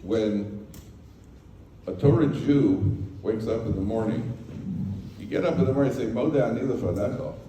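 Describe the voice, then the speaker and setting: A man's voice: medium pitch, moderate pace, long pauses, noisy background. An American man, a rabbi, giving a Torah talk to a live audience, telling stories with jokey asides and acting out the dialogue. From United States. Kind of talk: Torah talk with humorous storytelling. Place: lecture hall to a live audience. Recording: echoey hall, mic from far off.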